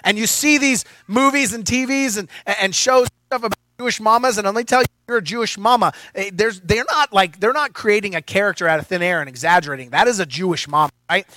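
Male pastor, lively sermon with playful asides; high, bright voice, dry close sound. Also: fast, few pauses, no room sound. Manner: animated and playful, with asides to the congregation.

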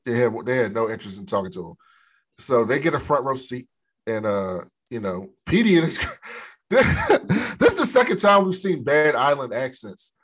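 A man's voice: medium pitch, big pitch swings, moderate pace, a bit bright, husky. A man co-hosting a podcast, casually recapping a film scene by scene with frequent laughter and swearing. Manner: laughing, profane storytelling. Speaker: podcast co-host. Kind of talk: casual movie recap chat.

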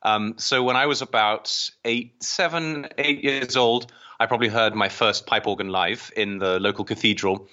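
A man's voice: fairly low pitch, steady tone, normal speed, few pauses, pushed and bright. A man in his thirties with an English accent, a guest talking in an easygoing, friendly way with small hesitations. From England. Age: 30s. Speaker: guest musician. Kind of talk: podcast interview. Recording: dull lo-fi sound.

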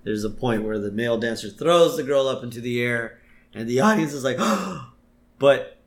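Man, podcast co-host, casual recap, laughs a lot, quick exclamations, middle-pitched voice. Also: animated. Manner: laughs often, exclaims "oh my goodness"; briefly acts out quoted lines in a raised voice. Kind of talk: casual chat recapping a cartoon episode.

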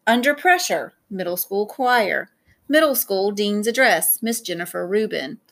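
Female audiobook narrator, plain, steady storytelling. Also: medium pitch, unhurried, gravelly. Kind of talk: scripted narration.

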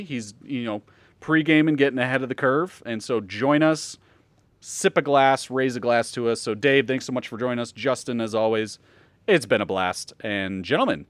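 Lively joking male podcast host. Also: mid-range voice, no room sound. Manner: loose, joking, swears freely. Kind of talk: casual podcast chat.

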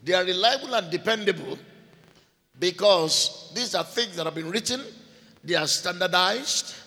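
A man teaching a sermon in a deliberate way, repeating key phrases and spelling out names letter by letter. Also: sits high, bright, forceful tone. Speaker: preacher. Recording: long hall reverb.

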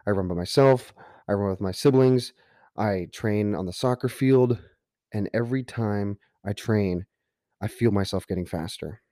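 Mellow low-voiced man, earnest motivational talk. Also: moderate pace, no room sound, clean studio sound. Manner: earnest, builds to emphatic rallying. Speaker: podcast host. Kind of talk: motivational storytelling podcast.

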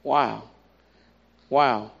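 A man preaching a sermon, animated and repetitive, with playful asides. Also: mid-range voice, extremely slow, creaky. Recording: dull lo-fi recording.

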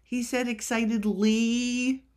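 A young woman talks through her editing checklist at an unhurried pace. Her tone is chatty, and she keeps asking rhetorical questions and making self-deprecating asides. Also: a little high, level tone, a little mellow. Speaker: writing coach. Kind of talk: casual editing tutorial.

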